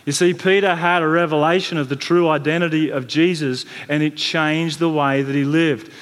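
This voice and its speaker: A fairly high-voiced man preaches a sermon in a relaxed, storytelling manner, often restarting and doubling his words. His voice carries a long reverb from the large hall around him. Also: moderate pace. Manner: conversational storytelling with frequent restarts and repeated words.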